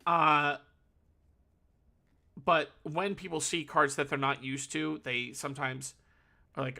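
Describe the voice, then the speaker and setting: A man's voice: fairly high pitch, steady tone, takes it slowly, gravelly, pauses often, pushed and bright. A man calling a card game tournament solo, analytical and thinking aloud, correcting himself as he goes. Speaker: tournament caster.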